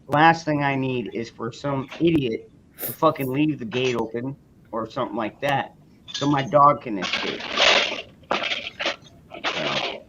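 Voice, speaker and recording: A man's voice: medium pitch, expressive, measured pace, long pauses. Guy on a podcast, blunt and sweary, kinda muffled audio w/ a little hiss. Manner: blunt, profane, talks in restarts. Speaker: host. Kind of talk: casual podcast chat.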